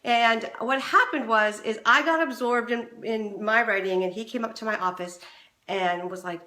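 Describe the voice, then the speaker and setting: A relationship coach and show host gives advice straight to the camera, bright and animated. She talks at normal speed in a reverberant space, acting out quoted voices with big swings in pitch.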